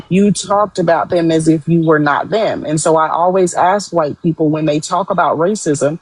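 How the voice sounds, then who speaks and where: A woman's voice: low voice, moderate pace, few pauses, a little mellow, breathy edge, poor audio. A woman hosting a live-stream discussion, explaining her view firmly and at length. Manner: firm, emphatic, explains at length. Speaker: host.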